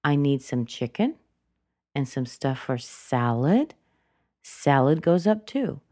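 A woman's voice: very deep voice, big pitch swings, slow pace, darkish tone, dry recording, studio quality. A woman teaching English pronunciation, explaining patiently and repeating words to show how the intonation rises and falls. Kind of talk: slow explanatory lesson.

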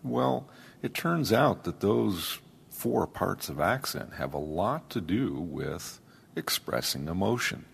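Slow, gravelly-voiced man teaching. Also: low-pitched, lively intonation. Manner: slow, deliberate, demonstrates voice placement. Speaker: accent teacher. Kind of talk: lecture.

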